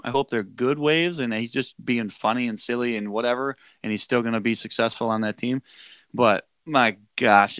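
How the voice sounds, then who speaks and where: Male co-host, bright, smooth voice, casual chat, frequent laughter. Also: mid-range voice, no room sound, clean studio sound. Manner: laughs often, stammers when excited. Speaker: podcast co-host.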